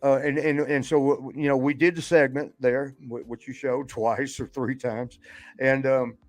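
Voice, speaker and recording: A man's voice: medium pitch, fairly even intonation, moderate pace, faint music behind. An older man, a retired wrestler, telling rambling stories on a podcast, laughing often and swearing. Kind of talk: casual storytelling.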